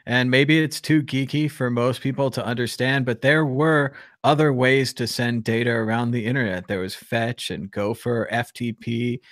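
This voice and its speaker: A man hosting a live call-in talk show, speaking in an animated, opinionated way with geeky tangents. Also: mid-range voice, dry recording, studio quality. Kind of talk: casual live call-in discussion.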